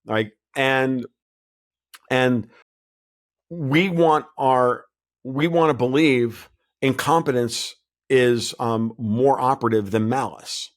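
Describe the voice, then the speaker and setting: A man's voice: medium pitch, takes it slowly, pauses often. A man talking as a guest in a casual podcast interview, blunt and rambling, often restarting his sentences. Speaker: guest commentator.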